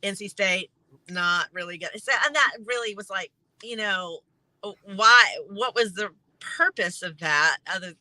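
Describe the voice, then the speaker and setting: A woman giving her take in a casual panel chat, chatty and quick to laugh. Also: mid-range voice, bright, forceful tone, dry recording, rough recording. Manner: chatty, laughs often, loose phrasing. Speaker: panel guest.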